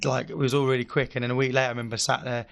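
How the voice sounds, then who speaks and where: A man, speaking as a podcast guest. He tells a long personal story in loose, rambling chat, filling his sentences with fillers. His voice sits at a medium pitch. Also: flat delivery, very fast, creaky, fairly bright tone. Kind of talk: casual chat.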